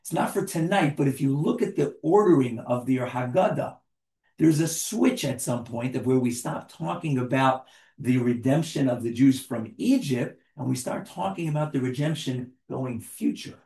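A man's voice: medium pitch, animated, moderate pace, vocal fry, mellow. Man teaching a class in an echoey room. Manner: asks the group questions and jokes with them. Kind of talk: interactive class talk.

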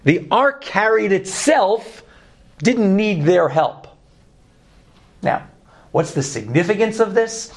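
A man with a Brooklyn accent teaching a Torah class, lively, joking and putting questions to his students. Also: sits high, slow, long pauses.

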